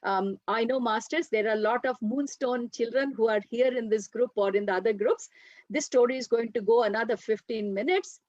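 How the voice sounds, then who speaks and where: A woman leading a workshop, telling a story to children in an animated way, in a dry, dull lo-fi recording. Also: on the high side, fairly quick, dry recording. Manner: animated, addresses listeners as "masters".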